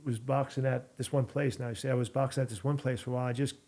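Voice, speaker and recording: A man's voice: mid-range voice, fast talker. Fifty-something man telling a rambling story. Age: 50s. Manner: animated, rambling storyteller who acts out quotes. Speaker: podcast guest. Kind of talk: casual storytelling.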